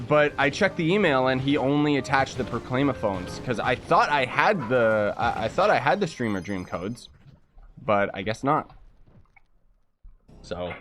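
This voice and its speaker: A man's voice: mid-range voice, a bit bright. Young Canadian man rambling on a game stream. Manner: rambling, reads chat aloud, many fillers. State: just woke up. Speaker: gaming streamer. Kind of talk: casual livestream chat.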